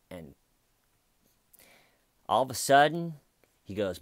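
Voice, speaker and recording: A man's voice: fairly low pitch, a little slow, no echo, clean studio sound. A man hosting casual true-crime commentary, sarcastic and profane, mimicking the people he talks about. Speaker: commentary channel host.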